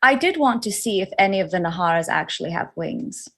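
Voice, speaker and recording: Casting: curious woman player, eager in character, mid pitch. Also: expressive, a little fast, a bit bright. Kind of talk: in-character tabletop play.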